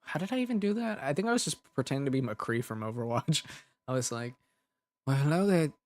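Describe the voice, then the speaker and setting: A man's voice: medium pitch, very animated, fast. A young adult man, an ASMR creator, rambling casually with restarts while chatting on a livestream.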